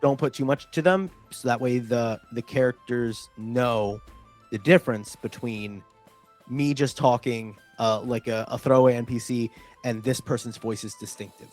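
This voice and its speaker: A man's voice: medium pitch, normal speed, a little mellow, soft background music. A man co-hosting a casual gaming chat, explaining things at length with many filler sounds. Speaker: podcast co-host.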